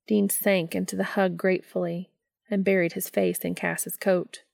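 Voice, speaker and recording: A woman reading fan fiction aloud in a slow, subdued narration. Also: lowish voice, flat delivery, creaky, a little mellow, no room sound, clean studio sound. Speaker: reader.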